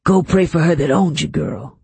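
A man's voice: fairly high pitch, normal speed, vocal fry, darkish tone, breathy edge, no room sound, full character voice. A man reading an audiobook, voicing a harsh, domineering man who barks and snarls orders. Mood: angry. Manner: barking, snarling.

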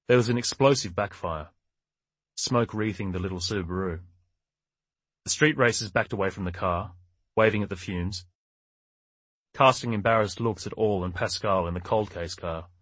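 A man narrating a crime novel audiobook in a steady, measured way. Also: fairly low pitch, no echo. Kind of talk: scripted narration.

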